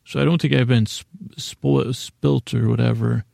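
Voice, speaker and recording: A man's voice: mid-range voice, fairly even intonation, normal speed, vocal fry, darkish tone, dry recording, clean studio sound. A man hosting a podcast, recapping an episode in a casual, rambling way from his notes, often breaking off and restarting. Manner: rambling, self-interrupting, reading from notes. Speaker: podcast host.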